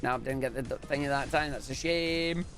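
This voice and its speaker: A Scottish man streaming a speedrun, talking casually with jokes and sudden excited exclamations. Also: medium pitch, fairly quick. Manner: excitable, jokey, bursts into loud exclamations. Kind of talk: casual live-stream commentary. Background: game music.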